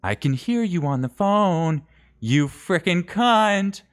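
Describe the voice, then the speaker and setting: A man's voice: sits high, lively intonation, slow pace, voice pushed up. Man putting on a creepy sing-song old woman. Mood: spiteful sing-song. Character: creepy old female neighbor, hostile, taunting.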